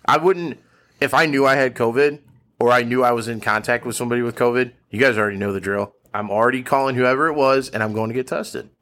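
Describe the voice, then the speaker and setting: A man's voice: medium pitch, quick pace. Profane man telling an anecdote. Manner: animated, profane anecdote teller. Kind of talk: casual storytelling chat.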